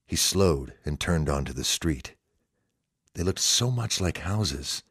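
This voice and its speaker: A man reads a story aloud in a steady, measured way. His voice is very deep. The recording is dry and close. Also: slightly rough, dry recording. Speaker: narrator. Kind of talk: scripted story narration.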